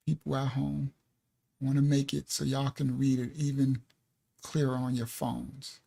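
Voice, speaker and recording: A man's voice: medium pitch, completely flat delivery, normal speed, vocal fry, warm tone. A man hosting a livestreamed religious teaching, talking casually and emphatically to viewers at home and laughing often. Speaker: ministry teacher.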